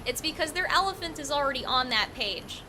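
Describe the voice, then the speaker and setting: A woman's voice: sits high, expressive, fairly quick, background noise. A woman streaming a game, chatting casually, swearing freely, and laughing often. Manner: profane, frank, laughs often. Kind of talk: casual gameplay commentary.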